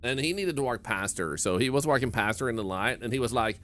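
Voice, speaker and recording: A man's voice: medium pitch, lively intonation, fast, few pauses, a bit bright. A man from northern Sweden with a Swedish accent, chatting casually with his viewers while streaming a game and laughing often. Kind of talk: casual live-stream commentary.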